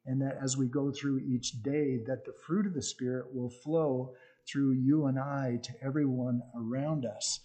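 A man's voice: mid-range voice, steady tone, a little slow, mellow. A middle-aged man speaking as a missionary preacher, earnest and conversational, with frequent restarts. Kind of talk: sermon.

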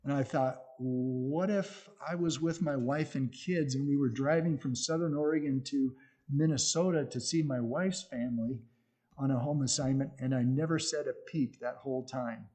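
A man's voice: medium pitch, normal speed, mellow. A middle-aged man speaking as a missionary preacher, earnest and conversational, with frequent restarts. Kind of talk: sermon.

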